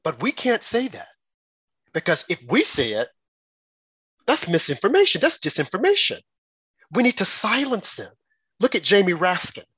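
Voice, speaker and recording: An indignant man delivers political commentary, and his husky voice swings widely in pitch. He mocks his opponents in rhetorical put-on quotes. The sound is dry and close. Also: huge pitch swings, normal speed, pauses often, sharp tone, no echo.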